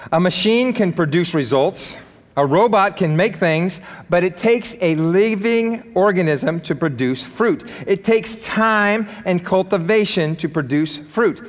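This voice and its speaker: A man preaching a sermon as pastor, animated and emphatic, with joking asides. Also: medium pitch, measured pace, big-room sound.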